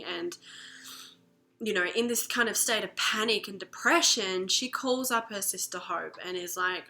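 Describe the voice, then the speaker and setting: A woman coach telling a story in an animated, chatty way, full of fillers. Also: medium pitch. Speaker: spiritual coach. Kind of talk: storytelling lesson.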